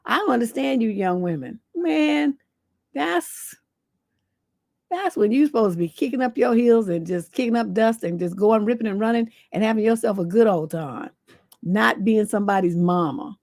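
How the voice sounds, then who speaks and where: A woman's voice: a little high, lively intonation, moderate pace, darkish tone, dry recording. A woman relationship coach on a livestream advice show, giving blunt, scolding advice with rhetorical questions and salty language.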